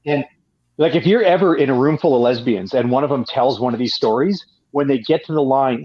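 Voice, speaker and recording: A man's voice: medium pitch, fairly quick, dry recording, dull audio. A man from Canada, a guest telling long profane stories in casual chat, with many restarts. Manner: profane, rambling, frequent restarts.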